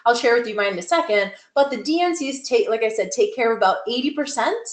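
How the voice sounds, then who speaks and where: A woman coaching on nutrition in a webinar, talking in an emphatic, conversational way. Her voice sits a bit high. It sounds like she is in an echoey room. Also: animated, fast. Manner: conversational, emphatic, frequent "like" fillers. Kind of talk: webinar teaching talk.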